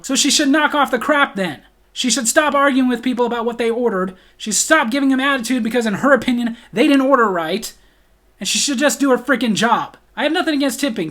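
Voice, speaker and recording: A man telling a storytime vlog in an animated way, going from calm to shouting. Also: extremely high pitch. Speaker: vlogger.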